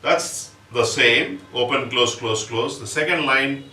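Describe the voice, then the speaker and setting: A man with an Indian English accent teaching percussion, explaining step by step and reciting drum syllables slowly. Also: mid-range voice, loud music behind the voice. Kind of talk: music lesson with spoken rhythm syllables. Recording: roomy, distant mic, audible background noise.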